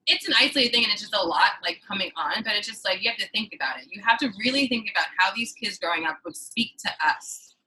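A woman's voice: mid-range voice, lively intonation, quick pace, hardly any pauses, pushed and bright, a little hiss or hum, poor audio. A woman in her thirties from the New York City suburbs, talking in a heated, emphatic way and swearing freely in a casual conversation. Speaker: guest.

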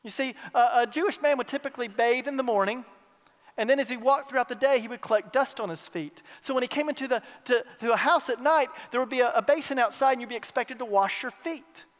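A man preaching a sermon as pastor, emphatic, swinging between loud declarations and hushed asides, repeating his phrases. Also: extremely high pitch, fast talker. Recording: long reverb of a large hall.

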